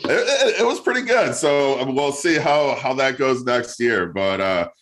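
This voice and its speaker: A man's voice: mid-range voice, animated, a little slow, fairly bright tone, low-quality recording. A man comedian opening a set over video call, laid-back and tired, stammering through restarts. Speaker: stand-up comedian.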